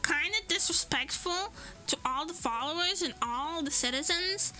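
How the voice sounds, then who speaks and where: A woman's voice: extremely high pitch, lively intonation, moderate pace, bright, forceful tone, faint music behind, poor audio. A woman streamer chatting casually while she draws, laughing between almost every phrase. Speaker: streamer and illustrator.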